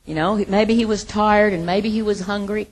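A woman teaching from the Bible in a casual sermon, retelling the story with lively acted quotes and laughter. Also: medium pitch, normal speed.

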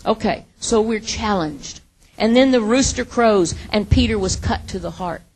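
A woman preaching a sermon, earnest, moving from hushed, quiet lines to emphatic ones. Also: mid-range voice, moderate pace, breathy edge.

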